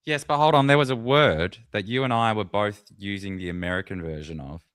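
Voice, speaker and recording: Smooth, low-voiced man musing aloud. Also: fairly quick, fairly bright tone, dry recording, studio quality. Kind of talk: casual chat.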